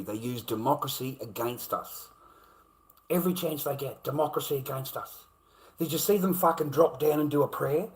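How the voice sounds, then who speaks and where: An Australian man ranting on a livestream, swearing constantly and swinging between low muttering and loud outbursts. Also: rough recording. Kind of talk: profane livestream rant.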